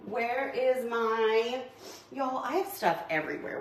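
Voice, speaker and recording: A middle-aged woman hosts a craft channel, crafting at home and chatting casually with her livestream viewers, greeting them by name. Her voice is a little high with lively intonation and a measured pace. The room is echoey, with faint background noise.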